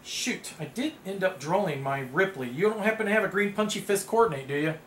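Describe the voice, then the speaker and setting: A man casually playing a tabletop card game, reading card text aloud with bursts of excited outcries. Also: high voice, fairly quick. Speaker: board game player. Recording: echoey room with background noise.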